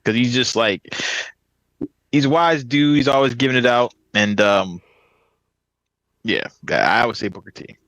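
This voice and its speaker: A man's voice: mid-range voice, a little slow, pauses often, no echo, dull audio. A man in casual podcast chat, telling a story with lots of "like" and "um" and frequent laughter. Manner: animated, laughs often, fillers like "like" and "um". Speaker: podcast guest, pro wrestler.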